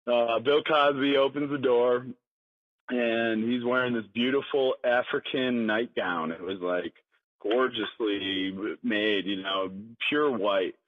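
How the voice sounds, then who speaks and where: A man tells a story as a podcast guest, animated and quick to laugh, acting out the lines of everyone he talks about. He has a middling pitch. The recording is dry and somewhat muffled. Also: no echo. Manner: animated, acts out other people's lines, laughs often. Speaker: podcast guest, hotel cook. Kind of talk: casual storytelling.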